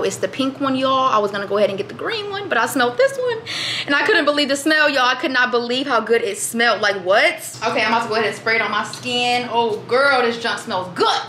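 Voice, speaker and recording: A woman's voice: fairly high pitch, sharp tone. A young woman vlogging in a chatty, exclaiming way, talking to her viewers as y'all. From Michigan, USA. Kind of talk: casual chat vlog. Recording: echoey room with faint background noise.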